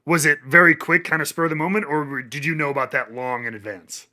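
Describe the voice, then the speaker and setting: A man hosting a casual interview podcast, reading listener questions in a relaxed way with fillers. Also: fairly high pitch, fast talker. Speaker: podcast host.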